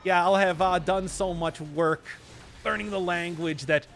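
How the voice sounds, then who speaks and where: A man's voice: sits high, fairly even intonation, measured pace, fairly bright tone, soft background music. A young man from Wisconsin with a Midwestern accent, chatting and laughing through live game commentary with odd emphasis on words. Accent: Midwestern American. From Wisconsin, USA. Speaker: game streamer.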